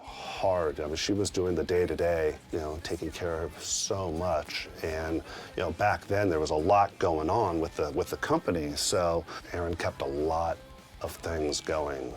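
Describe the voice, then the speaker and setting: A man speaks calmly and reflectively in a documentary interview. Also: low-pitched, measured pace, faint music behind.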